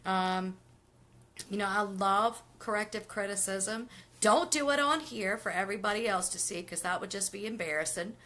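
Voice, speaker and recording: A woman's voice: mid-range voice, moderate pace, bright, forceful tone. A middle-aged woman talking casually to viewers on a live stream, chatty and upbeat, reading out their comments as she goes. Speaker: vlogger doing a live stream.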